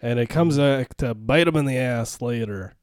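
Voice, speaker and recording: A man's voice: medium pitch, normal speed, no echo, clean studio sound. A man co-hosting a podcast, retelling a movie plot in casual chat, laughing and swearing often. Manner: laughing, profane, animated retelling. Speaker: podcast co-host.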